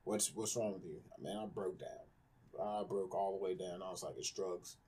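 A man's voice: sits low, fairly even intonation, normal speed, mellow, breathy edge. A man candidly telling his personal story in a conversation, rambling with lots of fillers. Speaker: guest.

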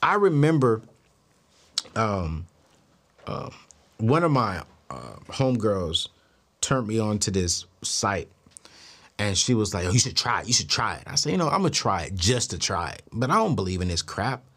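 A man's voice: a little slow, pauses often. A man hosting a talk show, telling stories casually and acting out the dialogue, with exclamations that leap up in disbelief and a preachy turn toward faith. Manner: animated, acts out dialogue, jumps to high incredulous exclamations. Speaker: show host. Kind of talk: casual storytelling to the camera.

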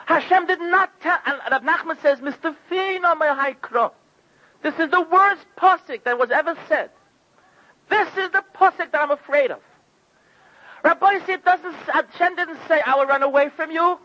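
High, bright-voiced impassioned preacher man. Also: normal speed. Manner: impassioned storytelling, acting out quoted voices. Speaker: rabbi giving a sermon. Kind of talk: sermon. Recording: dull lo-fi recording.

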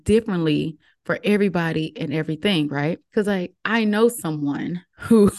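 A woman's voice: on the low side, moderate pace. A woman co-hosting a podcast, chatting casually and telling stories with playful acted-out voices. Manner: animated storytelling, acts out voices. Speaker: podcast co-host. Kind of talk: casual chat.

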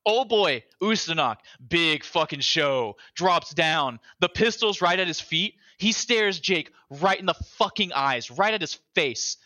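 Excitable high-voiced young man. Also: unhurried, few pauses. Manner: excitable, swears a lot, acts out quotes. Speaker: podcast co-host. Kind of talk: casual chat.

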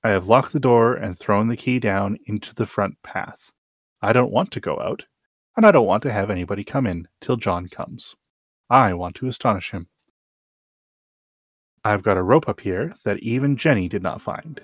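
A man hosting a podcast, giving a dramatic reading of a classic story with slow, deliberate delivery and sudden emphatic rises. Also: lowish voice, animated, dry recording. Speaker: podcast host reading aloud.

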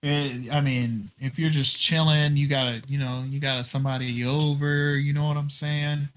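A man's voice: on the high side, fairly even intonation, moderate pace. A man co-hosting a music podcast, talking in a loose, slangy way full of fillers and cursing. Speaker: podcast co-host. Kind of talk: casual chat.

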